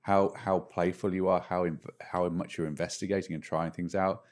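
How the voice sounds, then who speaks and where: A man's voice: low voice, flat delivery, normal speed, a little mellow. A middle-aged man co-hosting a podcast, chatting casually and animatedly, often restarting his sentences mid-thought. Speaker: podcast co-host. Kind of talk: casual chat.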